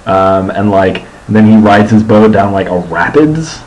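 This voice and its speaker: Young male student vlogger, low-pitched, chatty and meandering, recorded at home with light background hiss. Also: lively intonation, unhurried, darkish tone, dull audio. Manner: rambling, many ums and restarts. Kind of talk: casual video diary.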